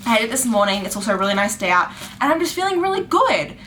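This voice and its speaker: A woman's voice: fairly high pitch, quick pace, a little hiss or hum. Bubbly woman gushing over book mail. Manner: gushing, squealing with excitement. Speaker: book vlogger. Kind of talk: casual vlog unboxing.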